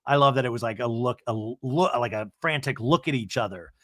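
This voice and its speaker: A man's voice: mid-range voice, brisk, few pauses, no room sound, studio quality. A man hosting a podcast and giving a chatty, gossipy recap of a reality TV show. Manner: animated, chatty, with frequent fillers. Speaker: podcast host.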